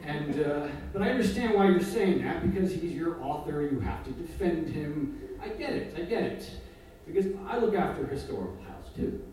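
A man's voice: a little high, animated, normal speed, natural voice. A man doing a smug bearded caretaker. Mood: condescending. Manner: condescending, lecturing. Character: smug bearded male rival house caretaker. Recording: echoey hall, distant mic, audience noise.

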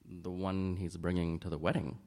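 A man's voice: low voice, flat delivery, normal speed, darkish tone. A man voicing a gossipy, conspiratorial middle-aged society woman. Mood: sly. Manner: sly, conspiratorial, turns frantic.

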